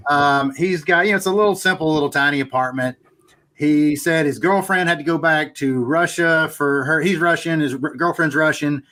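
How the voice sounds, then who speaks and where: A man's voice: fairly high pitch, normal speed. A man co-hosting a podcast, telling a personal anecdote in a chatty way. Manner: chatty, animated anecdote teller. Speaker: podcast co-host. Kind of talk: casual podcast storytelling.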